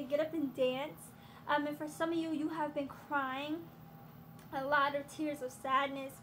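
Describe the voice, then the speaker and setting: Host, woman, high-pitched, earnest faith encouragement to camera. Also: a little hiss or hum. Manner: earnest, repeats phrases, sprinkles "um" and "hallelujah"; breaks briefly into song. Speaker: host giving a prophetic encouragement. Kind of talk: casual spiritual encouragement to camera.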